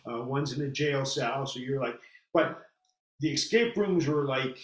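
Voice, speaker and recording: A middle-aged man talking casually and enthusiastically as an interview guest, telling animated stories. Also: mid-range voice, measured pace, roomy sound, slight background noise. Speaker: haunted attraction owner, guest.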